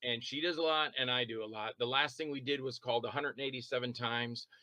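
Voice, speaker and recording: A man chatting as an interview guest, telling long rambling stories about making films, quick to laugh and to act out what others said. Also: mid-range voice, fairly even intonation, pushed and bright, no room sound, poor audio. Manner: rambling anecdotal storytelling. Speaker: interview guest, independent filmmaker and actor. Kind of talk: casual interview chat.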